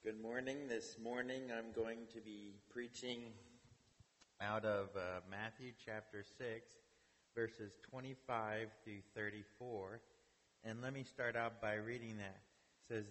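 A man's voice: lowish voice, fairly even intonation, slow pace, a bit bright, big-room sound, poor audio. A man preaching a sermon as the church's pastor, often repeating words and checking in with "right?".

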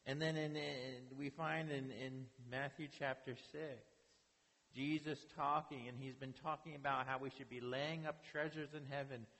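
A male pastor delivers a sermon at an even, middle pitch. He often restarts his words and asks his listeners "right?". His voice carries the long echo of a church hall. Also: moderate pace.

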